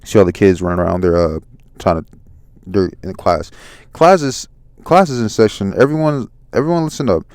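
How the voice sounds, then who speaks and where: A man in a soft-spoken ASMR comic review, reading haltingly, stumbling over words and apologizing. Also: on the low side, no room sound. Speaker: ASMR manga reader.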